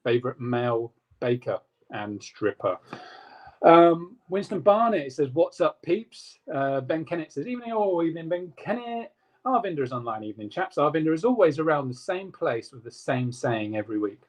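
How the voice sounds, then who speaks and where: A man co-hosting a casual live stream, reading out viewer comments in a quick, jokey way. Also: mid-range voice, very animated. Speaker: co-host reading live chat.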